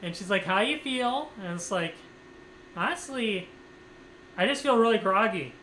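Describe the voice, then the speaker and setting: A man's voice: high-pitched, expressive, moderate pace, pushed and bright, a little hiss or hum, low-quality recording. A man telling a personal story in a casual, rambling way, with lots of filler words and swearing. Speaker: streamer.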